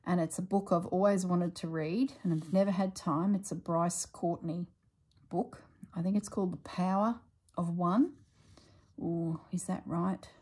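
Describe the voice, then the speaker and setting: A middle-aged woman chatting casually while she stitches, thinking aloud and drifting into soft asides. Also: fairly low pitch, husky, low-quality recording. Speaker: slow-stitching vlogger.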